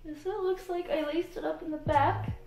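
A woman's voice: very high-pitched, steady tone, a little fast, gravelly, a little mellow, reverberant, soft background music. A young woman with a congested sick voice, chatting casually and self-deprecatingly about a craft project she made. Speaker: cosplay maker.

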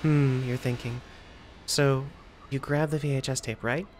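A woman's voice: extremely low pitch, fairly even intonation, a little slow, a little mellow, soft background music. Jittery woman playing a horror game. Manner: jittery, nervous joking, repeats phrases. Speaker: gaming video creator. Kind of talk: horror game let's play commentary.

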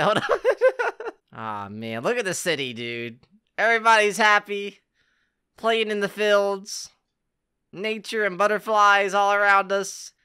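A man's voice: sits high, sharp tone, clean tone. A man reacting to an anime finale in casual, emotional commentary, exclaiming and laughing often. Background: anime soundtrack playing faintly.

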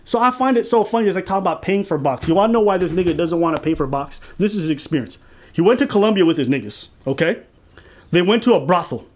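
Fairly high-voiced man ranting crudely. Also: expressive, fast talker. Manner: blunt, crude and mocking, laughs often. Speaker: reaction channel host. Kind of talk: casual reaction commentary.

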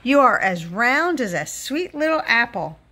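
A woman voicing a big, bearded painter who speaks gently and patiently to his son, in a lively storybook reading. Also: a little high, measured pace, heavily acted. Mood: gentle. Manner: soft, patient and kindly.

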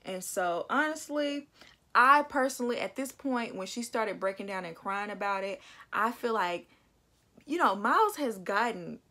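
A woman casually reviewing a reality TV episode, opinionated and animated, acting out quotes in voices. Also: medium pitch, normal speed. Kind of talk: casual recap commentary.

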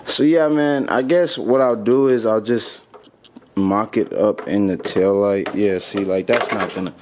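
A man's voice: fairly low pitch, a little slow, darkish tone, a little hiss or hum. A man vlogging a car modification, talking casually to viewers and sounding exasperated. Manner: frustrated, exasperated, laughing it off. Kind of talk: casual vlog.

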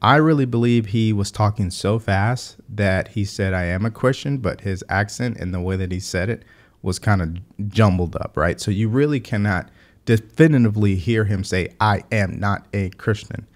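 A man's voice: on the low side, normal speed. A man hosting a political commentary channel, speaking emphatically and addressing the viewer directly.

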